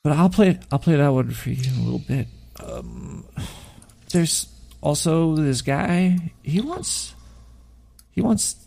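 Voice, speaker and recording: A man with a very gravelly, fry-heavy voice hosts a radio show, riffing in a rambling, conspiratorial monologue. He swears freely, trips over restarts, and sounds convinced of his own paranoia. His pitch sits a little high and swings around a lot. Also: lively intonation, slow, dark tone. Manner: profane, stammering, paranoid.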